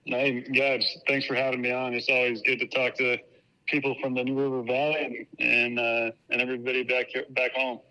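A man from Virginia, a professional golfer, answering interview questions in a relaxed, thoughtful way with fillers. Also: medium pitch, a little fast, low-quality recording. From Virginia, United States.

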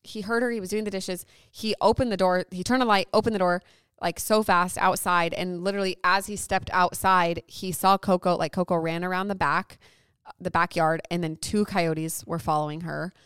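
A woman's voice: lowish voice, fairly even intonation, moderate pace, a bit bright, clear, resonant tone, no echo, studio quality. A young woman co-hosting a podcast, telling a long story in casual chat, rambling with lots of "like". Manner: rambling storytelling with many likes. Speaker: podcast co-host.

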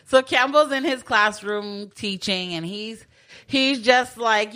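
A woman's voice: fairly high pitch, a little slow, bright, forceful tone. A woman chatting casually, recapping a story and acting out quoted lines, laughing often. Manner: laughs often, acts out quoted lines while retelling a plot. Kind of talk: casual chat.

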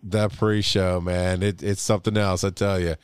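A man's voice: sits low, little pitch movement, normal speed, clean tone, no echo. A man hosting a podcast, chatting casually and jokingly with many restarts. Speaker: podcast host. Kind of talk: casual chat.

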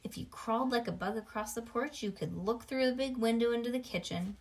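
A woman reading a children's storybook aloud in a lively way. She stops now and then for quiet asides to a child listening. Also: a little high, fairly quick. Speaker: reader.

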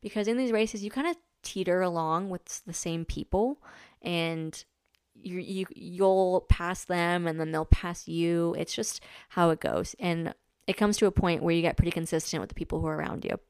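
A chatty young woman hosting a podcast, talking casually and leaning on "like" between thoughts. Her voice sits a little low for a woman. It is recorded close and dry, with no room sound. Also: moderate pace, a little mellow, clear, resonant tone, no room sound. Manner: chatty, lots of "like" fillers. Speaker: podcast host. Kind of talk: casual chat recounting a race.

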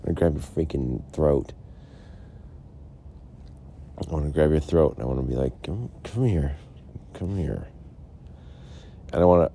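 A man's voice: low-pitched, warm tone. A man hosting a solo podcast, rambling and frustrated, mumbling and repeating himself. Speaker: podcast host. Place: Arizona.

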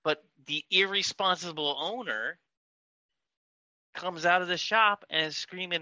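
A man's voice: high voice, lively intonation, measured pace, pushed and bright, no echo, highs cut off. A man, a podcast sound engineer, ranting in casual talk and mimicking screaming people. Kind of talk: casual rant.

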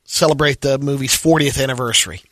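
A man's voice: mid-range voice, fast talker, fairly bright tone, no room sound, studio quality. A man co-hosting a talk show, reading out entertainment news items in a matter-of-fact, casual way.

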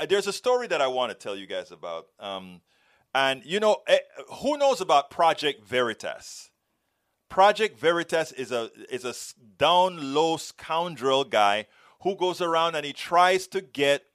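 A man's voice: medium pitch, fairly bright tone, dry recording, clean studio sound. A man hosting a political talk show, talking in an emphatic way with many stumbling restarts. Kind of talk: casual political chat.

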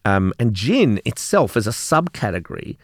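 A man's voice: on the low side, very animated, moderate pace, no echo, clean studio sound. A middle-aged Australian man, a company co-founder, telling stories in a casual interview chat, repeating words and swearing now and then. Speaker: gin company co-founder, guest.

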